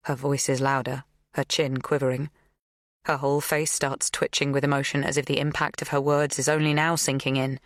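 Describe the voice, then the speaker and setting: Low woman's voice reading a thriller audiobook, measured and even, totally dry close sound. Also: no room sound. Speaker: audiobook narrator. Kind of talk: scripted first-person narration.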